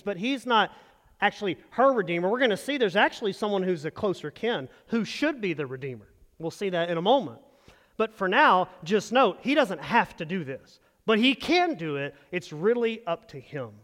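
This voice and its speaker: A man's voice: high-pitched, sing-song, normal speed, a bit bright, big-room sound. A man preaching a sermon in a conversational way, asking the congregation rhetorical questions as he explains a passage. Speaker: pastor.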